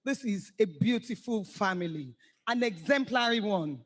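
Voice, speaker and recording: A man's voice: sits high, lively intonation, normal speed. A man giving an earnest tribute, searching for words. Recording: echoey hall from far off.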